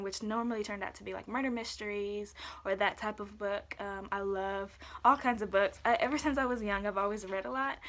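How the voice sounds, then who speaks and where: A young adult woman vlogger talking casually and quickly to camera, upbeat and full of fillers. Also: mid-range voice, a bit bright.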